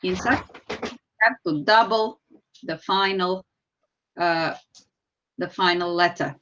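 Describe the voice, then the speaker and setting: Teacher on a dull call. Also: female voice, on the low side, takes it slowly, fairly bright tone, a little hiss or hum. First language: Serbian. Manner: patient, explanatory, calls on students by name. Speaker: English teacher. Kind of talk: online grammar lesson.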